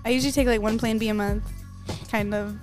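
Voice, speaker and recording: A woman's voice: a little high, quick pace, music in the background. A young woman in her twenties, a podcast guest telling stories bluntly and swearing often. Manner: blunt, swears a lot, animated storytelling. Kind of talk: casual interview chat.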